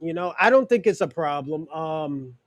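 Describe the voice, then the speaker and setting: A man's voice: on the high side, animated, moderate pace, dry recording. A man hosting a podcast who gives blunt, profane opinions in casual talk and speaks straight to his co-hosts. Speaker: podcast host.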